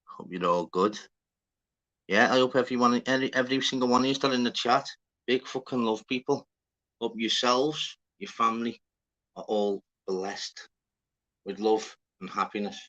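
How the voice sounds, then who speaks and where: Sweary Scouse man with a bright voice. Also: mid-range voice, moderate pace, dull audio. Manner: swearing, rambling, greeting viewers by name. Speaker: livestream host. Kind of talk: casual live chat.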